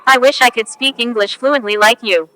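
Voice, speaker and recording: A woman reading English example phrases one at a time for learners, slow and careful. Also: on the high side, pushed and bright, no room sound, rough recording. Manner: slow, careful, each phrase spoken on its own. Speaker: English teacher.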